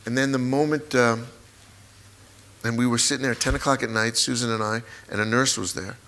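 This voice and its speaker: Man in his sixties, memoir author, live stage conversation, halting, emotional, mid-pitched voice. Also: steady tone, pushed and bright. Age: 60s. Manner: halting, repetitive, openly emotional. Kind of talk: emotional personal storytelling on stage. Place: live talk event in a hall.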